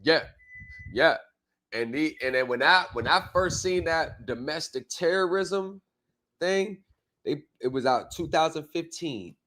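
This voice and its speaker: A man hosting a casual livestream chat, telling stories with lively, animated reactions and frequent swearing, heard over a remote video call. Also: measured pace. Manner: animated storyteller, acts out his reactions with big pitch jumps and swearing. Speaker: livestream host.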